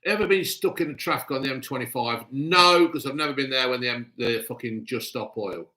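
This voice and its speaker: A man's voice: medium pitch, fairly quick, sharp tone, poor audio. A man hosting a live stream, reading out chat in blunt, crude casual talk. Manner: blunt, gruff, cheerfully crude. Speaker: livestream host reading chat.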